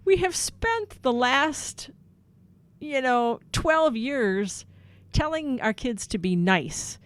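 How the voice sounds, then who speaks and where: Animated mother telling funny stories. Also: sits high, takes it slowly, dry recording. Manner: animated storyteller, acts out her own past shouts. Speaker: podcast co-host, mother. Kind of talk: casual chat.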